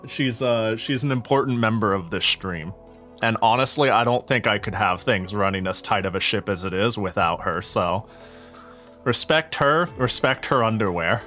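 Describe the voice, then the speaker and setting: A man's voice: on the low side, moderate pace, sharp tone, soft background music. A man streaming a game, chatting casually, joking, swearing often and correcting himself mid-sentence.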